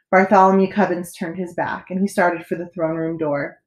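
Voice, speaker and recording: Woman, storytime reader, expressive, dramatic pauses, echoey room. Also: lowish voice. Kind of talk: reading a picture book aloud.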